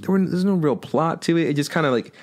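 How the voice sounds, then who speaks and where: A man's voice: fairly high pitch, quick pace. A man co-hosting a podcast, animatedly recapping a movie in casual chat, swearing often and jumping into silly voices for the characters. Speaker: podcast co-host.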